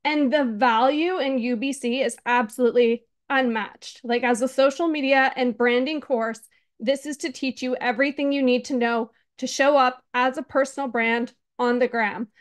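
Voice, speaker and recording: A woman's voice: high-pitched, fairly even intonation, moderate pace. A young-sounding woman on a video call, giving an earnest, emotional testimonial about an online course. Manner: earnest, emotional, close to tears. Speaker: course contributor. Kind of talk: webinar testimonial.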